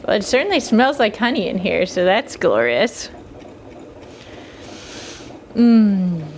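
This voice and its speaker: A woman vlogging casually about her own farm work, relaxed and chatty as she explains each hands-on step. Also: mid-range voice, normal speed, echoey room, a little hiss or hum. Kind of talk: casual how-to vlog. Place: heated room on her farm.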